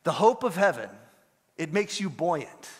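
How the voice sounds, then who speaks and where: A man preaching a sermon as pastor, telling a story and acting out the quoted voices with animated delivery. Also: a little high, a little slow, slightly rough, long reverb tail. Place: church sanctuary.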